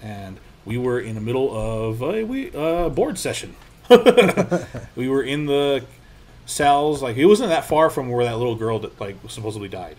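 A man's voice: medium pitch, unhurried. A young man co-hosting a casual paranormal chat, telling stories animatedly and swearing freely. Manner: animated storyteller, swears freely, acts out quotes. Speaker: podcast co-host.

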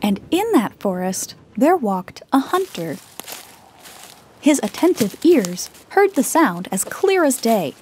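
A woman narrating a children's fairy tale in a gentle, expressive storybook manner. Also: fairly high pitch, a little hiss or hum. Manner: slow, gentle, expressive reading.

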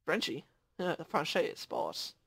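A man hosting casual gameplay commentary, excitable, often screaming and swearing. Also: fairly high pitch, normal speed, vocal fry, husky, dry recording, clean studio sound. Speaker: gaming channel host.

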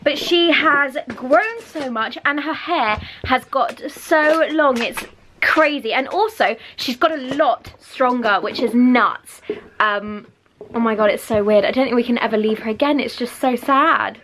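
A young woman from England vlogging at home to a handheld camera, gushing and excitable as she chats to her viewers. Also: unhurried, a little hiss or hum, rough recording. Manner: gushing and excitable, goes high and sing-song when talking to her puppy. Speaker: lifestyle vlogger. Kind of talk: casual vlog talk to camera. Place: at home indoors.

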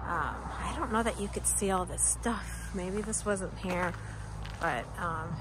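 A woman filming a travel vlog on her phone outside, a little out of breath and gushing over every sight she reaches. She talks at an unhurried pace, with street noise plainly audible behind her. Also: fairly low pitch. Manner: gushing, exclaims often, laughs. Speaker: travel vlogger. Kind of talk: excited walking vlog. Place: outdoors in cold weather, on a street.

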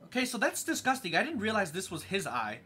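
A man hosting a let's-play, giving casual commentary in a quick, sarcastic, reactive way. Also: high-pitched, wildly swooping pitch, sharp tone, slightly rough. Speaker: gameplay host.

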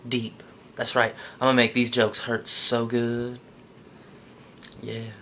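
Gravelly, awkward, self-mocking young man. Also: mid-range voice, monotone, takes it slowly, bright, forceful tone, slight background noise. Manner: awkward, self-deprecating, jokey. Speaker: vlogger. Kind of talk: comedic vlog monologue.

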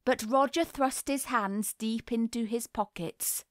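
A woman narrating a classic novel in a measured, deliberate reading voice. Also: a little high, no room sound, studio quality. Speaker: audiobook narrator. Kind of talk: scripted literary narration.

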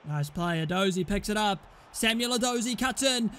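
Young male gaming YouTuber, high-pitched, casual sweary commentary, easily exasperated. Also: moderate pace, few pauses. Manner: sweary, exasperated, shouts at chances.

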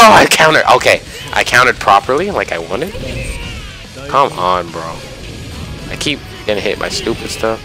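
A young man giving excited, self-mocking commentary over his own online fighting game matches, often yelling at big moments. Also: fairly low pitch, normal speed. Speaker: gaming YouTuber. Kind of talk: live gameplay commentary. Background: background music.

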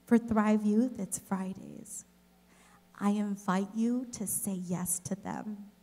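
A woman giving a children's message at a church service, telling a personal story in an expressive, gentle way to the kids and then to the families. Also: medium pitch, slow pace. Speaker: children's director. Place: church service, in front of a congregation.

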